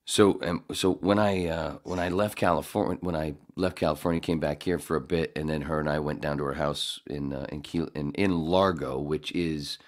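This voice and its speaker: A man's voice: extremely low pitch, fairly even intonation, moderate pace, hardly any pauses. A man telling a rambling, profane story in casual chat as a podcast co-host.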